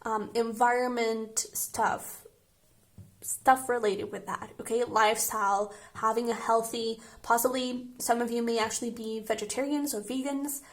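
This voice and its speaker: A woman's voice: a little high, fairly even intonation, normal speed. A young woman reading tarot cards in a casual, chatty, emotional way, often checking in with her listeners. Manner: chatty and emotional, frequent "I feel like" and "okay?". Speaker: tarot reader.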